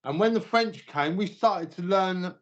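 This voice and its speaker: Emphatic British man, somewhat high. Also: measured pace, a bit bright. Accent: British English. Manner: emphatic, proud, lecturing. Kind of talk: casual podcast chat. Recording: slightly muffled podcast audio.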